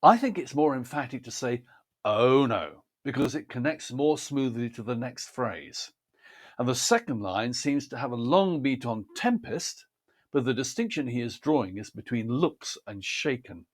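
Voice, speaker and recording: A man giving a measured, precise talk on how to prepare a poem for reading aloud. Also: medium pitch, expressive. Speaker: poetry reading teacher. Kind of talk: scripted instructional talk.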